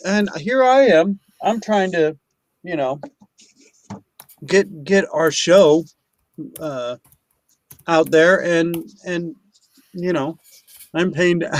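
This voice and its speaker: A man's voice: fairly high pitch, slow pace, pauses often. Rambling man hosting a casual chat show. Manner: rambling, restarts a lot while eating. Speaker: show host.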